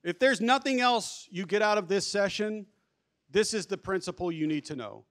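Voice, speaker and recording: A man giving an energetic, emphatic workshop talk at a conference, conversational and often restarting his sentences. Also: high voice, fairly quick. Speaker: workshop speaker at a Catholic conference. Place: conference hall. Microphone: handheld or lapel microphone.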